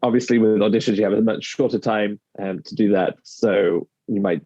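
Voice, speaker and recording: A man's voice: fairly low pitch, steady tone, moderate pace, warm tone, no echo. A British man, a dialect coach, explaining his work in conversation and acting out quoted phrases. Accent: British English. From United Kingdom. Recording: slightly dull lo-fi sound.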